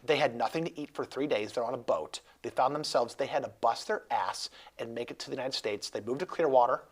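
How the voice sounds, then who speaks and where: A man's voice: mid-range voice, fast talker. A man hosting a casual interview chat, rambling and joking with lots of restarts. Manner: rambling, jokey, many restarts. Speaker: host.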